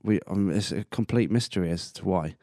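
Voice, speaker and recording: A man's voice: deep voice, a little fast, dark tone, no echo, clean studio sound. A man hosting a casual solo podcast, rambling and chatty, swearing casually and laughing at himself. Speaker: podcast host.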